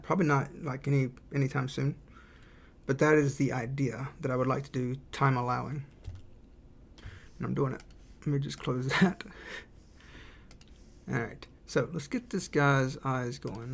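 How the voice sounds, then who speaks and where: A man's voice: medium pitch, vocal fry. A man streaming his indie game development, chatting casually and thinking aloud while he draws and reads chat.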